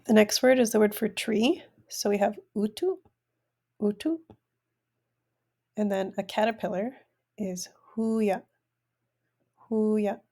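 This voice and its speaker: A woman teaching an online language class, pronouncing each word slowly and repeating it for learners. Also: mid-range voice, dark tone. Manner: slow, careful word-by-word pronunciation, repeating each word.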